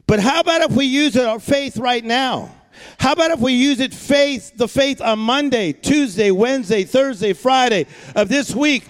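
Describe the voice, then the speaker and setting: An energetic male preacher with a very high voice, joking and shouting for emphasis through a sermon. He stumbles over and repeats his words as he builds up. His voice rings with the long reverb of a big church hall. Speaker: pastor.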